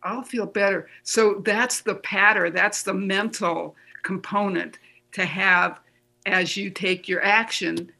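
Bright-voiced guest giving practical tips. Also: medium pitch, fairly even intonation, takes it slowly, creaky. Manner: earnest, gives practical tips, acts out self-talk. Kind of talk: casual conversation.

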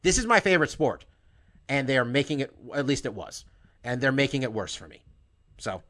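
A man's voice: medium pitch, sing-song, fairly quick, a bit bright. A man hosting a podcast, speaking emphatically with frequent swearing and many false starts. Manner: emphatic, profane, with many restarts. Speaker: podcast host. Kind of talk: heated podcast monologue.

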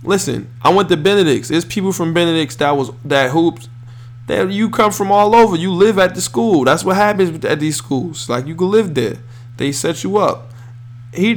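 A young man, hosting a podcast with rambling, slangy, animated sports talk. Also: fairly high pitch. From northern New Jersey. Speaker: podcast host.

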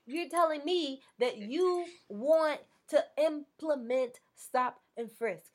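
A woman's voice: high-pitched, slow. A tipsy woman co-hosting a podcast, ranting sarcastically and profanely in casual political chat. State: tipsy from drinks. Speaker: podcast co-host.

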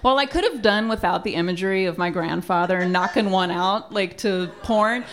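A woman's voice: mid-range voice, moderate pace. A young woman telling a comic story about her family in a chatty, wry way, often laughing and acting out quotes. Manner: frequent "like" fillers and acted quotes of family.

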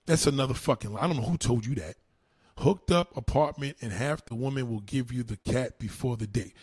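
Husky-voiced New man ranting. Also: medium pitch, a little fast, darkish tone, no echo. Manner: combative, repetitive, heavy cursing and slang. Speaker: livestream host answering comments. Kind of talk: profane ranting commentary.

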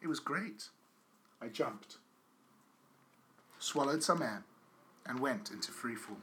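A man hosts a comedy podcast in a joking, irreverent way, shifting into mock-solemn deadpan when he reads aloud. A faint noise sits behind his voice. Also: medium pitch, slow, long pauses. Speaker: podcast host.

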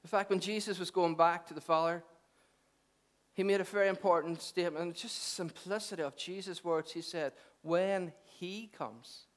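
A middle-aged pastor preaches in a conversational way, mixing jokes with earnest, emphatic points. His voice sits a little high for a man. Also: steady tone, a little fast, a bit bright. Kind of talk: sermon.

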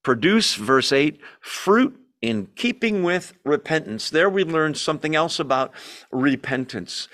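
A man's voice: on the high side, a bit bright. A man leading a Bible study in a church meeting room, speaking animatedly and asking and answering his own rhetorical questions.

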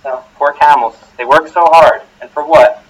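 A man chatting casually, rambling with halting restarts and eager enthusiasm. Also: on the high side, fairly even intonation, breathy edge. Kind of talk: casual chat. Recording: distant mic with faint noise.

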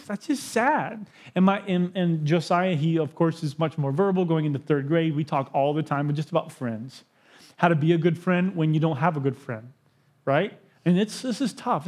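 A man's voice: high voice, darkish tone. A man in his thirties preaching a sermon in a church, conversational and personal, with joking asides. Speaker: pastor. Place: church sanctuary.

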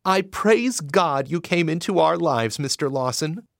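A man's voice: high-pitched, lively intonation, normal speed, no room sound, studio quality, voice pushed up. A man voicing a gray-haired mother who gushes frantic, breathless thanks. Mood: overwhelmed. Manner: breathless, gushing, tearful thanks.

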